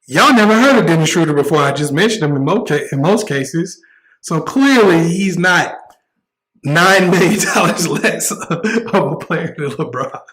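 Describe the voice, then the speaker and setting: A man's voice: a little high, lively intonation, normal speed, fairly bright tone. Male livestream host, blunt and joking, raised voice, roomy sound. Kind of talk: casual livestream commentary.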